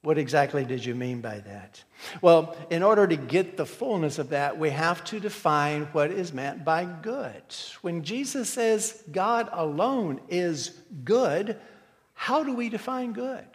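A man's voice: high voice, expressive, slow pace. A man preaching a sermon, teaching emphatically and asking many rhetorical questions. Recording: long hall reverb.

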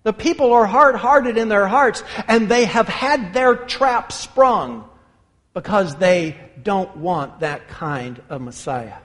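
A high-voiced male pastor preaching with emphatic, conversational delivery and folksy asides. He sometimes drops to a hushed near-whisper to stress a point. His voice carries a long reverb, as in a large hall. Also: animated, slow. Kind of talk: sermon.

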